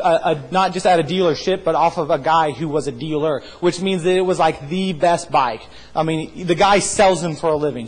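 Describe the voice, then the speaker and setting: A pastor preaching a sermon, repeating a scripture line slowly and emphatically, with frequent restarts. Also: male voice, sits high, long reverb tail, poor audio. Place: church stage.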